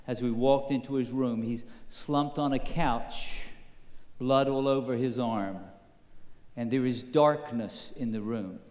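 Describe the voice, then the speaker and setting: A man preaching a sermon, telling a story slowly and building to emphatic high points. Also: darkish tone. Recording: echoey hall with long reverb.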